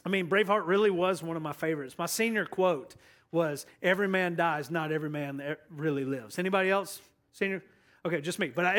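A young man with a high voice preaches a sermon as pastor, passionate and urging, dropping to a hushed tone when he tells a story or prays.

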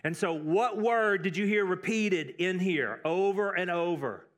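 High-voiced man preaching a conversational sermon. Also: measured pace. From Texas, United States. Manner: conversational, with asides and repeated words for emphasis. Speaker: pastor.

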